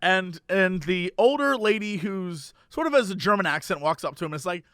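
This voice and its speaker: A man's voice: high-pitched, expressive, a little fast, a bit bright, no echo, studio quality. A man co-hosting a podcast, animatedly telling a funny anecdote, acting out voices and laughing as he goes. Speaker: podcast co-host. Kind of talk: casual storytelling chat.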